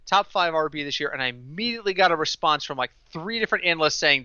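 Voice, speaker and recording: A man hosting a casual podcast, telling stories in an animated way and mimicking others in quoted voices. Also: a little high, quick pace, clean tone, dry recording, dull audio. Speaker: podcast host.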